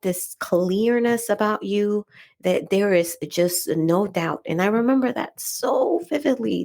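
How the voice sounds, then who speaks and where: A woman's voice: mid-range voice, darkish tone. A woman with a Dominican accent, hosting a podcast and telling a personal story in a chatty way, full of "like" and "right?". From Dominican Republic. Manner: chatty, frequent "like" and "right?" tags. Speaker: podcast host.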